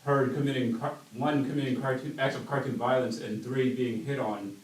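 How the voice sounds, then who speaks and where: A man's voice: mid-range voice, steady tone, moderate pace. A man guesting on a casual podcast, stumbling and repeating words. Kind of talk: casual group chat. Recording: distant echoey room.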